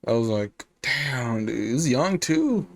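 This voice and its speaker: Man, podcast host, casual chat, mid pitch, easygoing, frequent laughs. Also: big pitch swings, a little slow, a little hiss or hum. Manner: laid-back, laughs often, says dude.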